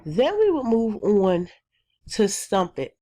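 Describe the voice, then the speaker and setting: Young woman teacher explaining a phonics chant, lots of ums, gets higher and brighter doing the chant parts. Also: wildly swooping pitch, slow pace. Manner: plain and methodical, with frequent ums; jumps higher and brighter when acting out chants. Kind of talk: explaining a classroom phonics routine.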